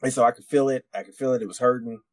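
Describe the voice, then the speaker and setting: A man's voice: mid-range voice, fairly even intonation, racing, no echo. A man, a military veteran, tells a war story on a podcast in a rambling, profane way, with many restarts. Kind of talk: casual storytelling.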